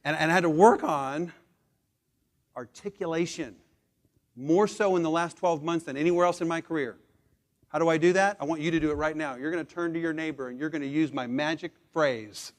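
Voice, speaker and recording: A man in his forties teaches a live room how to present. His voice sits a bit high for a man, and he drives his points hard, racing ahead and then braking into slow, deliberate pauses. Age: 40s. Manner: emphatic, swings between punchy speed and slow deliberate pauses. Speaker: presentation skills trainer. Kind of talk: live training talk to a room.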